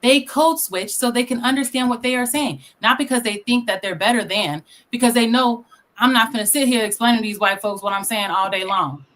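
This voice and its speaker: Woman from Iowa, fairly high voice, lays out her argument patiently with family examples. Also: fairly quick, fairly bright tone. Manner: explains at length with personal examples. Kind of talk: casual live-stream debate.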